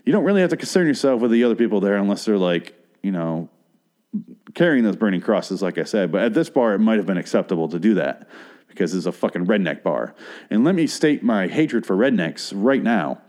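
A man's voice: on the low side, expressive, fairly quick, warm tone. A man in his thirties hosting a podcast, telling a story in a rambling and profane casual monologue with crude asides. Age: 30s. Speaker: podcast host.

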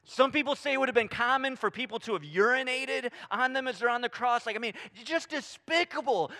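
A man preaching a sermon, animated and conversational, acting out quoted voices and dropping to a hush for emphasis. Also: very high voice. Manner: animated, swings from loud emphasis to hushed near-whisper; acts out quoted voices, casual fillers like "I mean" and "right?". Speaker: pastor.

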